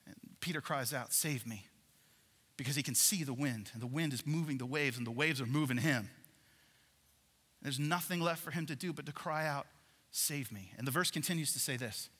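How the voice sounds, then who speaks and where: A man preaches to his congregation in a lively, animated way, often turning questions back to the listeners. His voice sits a bit high for a man and rings bright and forceful. The sound carries the long reverb of a large church hall. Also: fairly quick, slightly rough. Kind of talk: sermon. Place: large church worship center.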